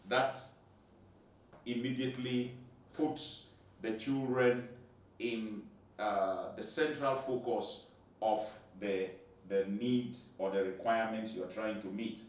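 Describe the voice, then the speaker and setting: A man's voice: mid-range voice, slow, pauses often, slight background noise. A man lecturing on grant proposal writing, explaining with repeated examples and frequent "uh" fillers. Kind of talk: recorded lecture. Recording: echoey room, voice from far off.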